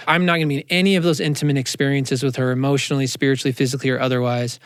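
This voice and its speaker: A man, a counselor, talking in a casual interview, animated and quick with asides, in a studio. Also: mid-range voice, smooth, no echo. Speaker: counselor, podcast guest. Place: radio studio.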